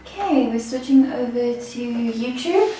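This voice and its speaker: A woman's voice: on the high side, expressive, a little slow, warm tone. A woman co-hosting a live stream, reading viewer questions aloud in a plain, matter-of-fact way. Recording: echoey room, mic far off, faint noise.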